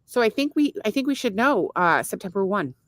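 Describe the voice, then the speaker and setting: A woman's voice: medium pitch, sing-song, fairly quick, no echo. A woman co-hosting a casual podcast, laughing often and swearing freely while she reads out viewer comments. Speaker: podcast co-host.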